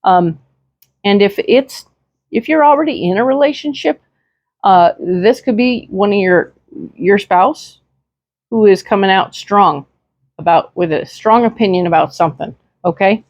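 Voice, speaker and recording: A woman's voice: medium pitch, a little slow, darkish tone, no echo, lo-fi sound. A woman giving a casual tarot reading in a chatty, reassuring way, with many fillers and tag questions, speaking into a desk microphone. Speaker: tarot reader.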